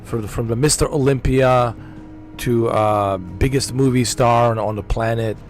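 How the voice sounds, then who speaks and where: A man's voice: medium pitch, normal speed, faint music behind. A man streaming a game, chatting casually and enthusiastically, repeating himself and dropping slang like "man" and "dude". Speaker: gaming streamer. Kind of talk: casual chat over gameplay.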